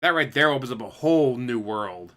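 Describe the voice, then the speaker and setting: Man, bright mid voice, casual speculative rambling, relaxed chat. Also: mid-range voice, fairly quick. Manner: speculative, musing, chuckling asides.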